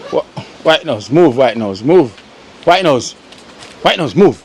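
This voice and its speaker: A Jamaican woman with a low, unhurried voice chats casually and teasingly, repeating short phrases. Steady noise sits behind her outdoor recording. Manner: teasing, repeats herself, talks to dogs. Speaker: vlogger. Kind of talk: casual chat.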